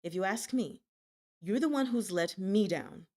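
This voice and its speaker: A woman's voice: medium pitch, animated, unhurried, a little mellow. Woman reading stern young male lord, cold, cutting, commanding, read-aloud novel. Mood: scornful.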